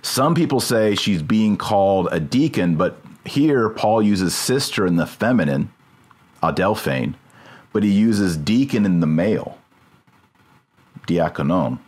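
His voice is on the low side and a little mellow, with lively intonation, a moderate pace and hardly any pauses. As a podcast host in a casual discussion, he thinks aloud about the subject and double-checks terms mid-sentence.

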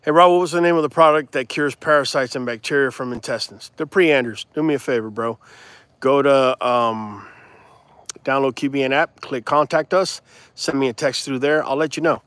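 A dog breeder hosting a casual livestream from his yard, answering viewer comments in a relaxed, chatty way with lots of "man" and "bro.". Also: mid-range voice, normal speed, no room sound. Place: outdoors in a yard with dogs.

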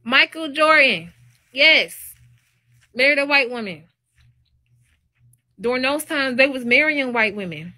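A woman's voice: high-pitched, animated, unhurried, long pauses, bright, forceful tone. A woman hosting a live stream, talking in a casual, opinionated monologue that is emphatic and preachy, with rising exclamations.

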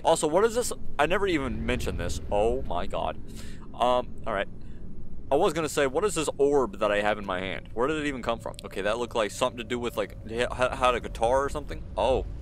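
A man's voice: mid-range voice, a bit bright, a little hiss or hum. A man hosting a gaming channel, doing casual let's-play commentary; he talks to the screen in slang and yelps when he is startled. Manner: jumpy, talks to the screen, frequent frightened yelps; casual slang, says "bro" and "y'all".

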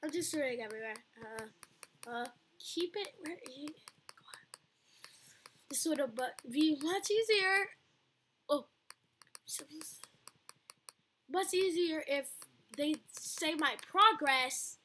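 A woman's voice: sits high, takes it slowly, pauses often, background noise. A young woman commenting casually on a video game she is playing, talking to her viewers and screaming a lot as she plays. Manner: screams often, excitable, talks to viewers. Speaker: gaming video host.

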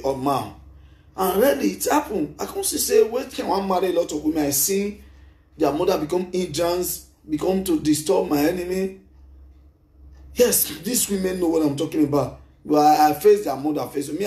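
A middle-aged Nigerian man speaks into a handheld mic with a gravelly, fairly high voice, his words emphatic and animated as he gives his testimony. The echoey room around him lingers after each phrase. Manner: emphatic, animated, mixes English and Pidgin. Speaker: speaker giving a testimony at a gathering. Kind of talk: impassioned spoken testimony. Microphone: handheld microphone.

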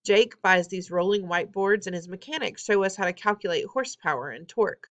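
Wry, expressive woman reading a novel. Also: medium pitch, brisk, lo-fi sound. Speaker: audiobook reader. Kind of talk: novel read-aloud, first-person teen narration.

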